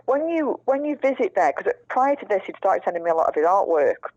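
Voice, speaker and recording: A woman talks frankly and chattily in a relaxed interview, swearing now and then. Her voice is mid-pitched. The recording sounds dull, lo-fi and dry. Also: fairly quick, no room sound. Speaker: guest, prisoner's fiancée. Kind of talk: casual storytelling interview.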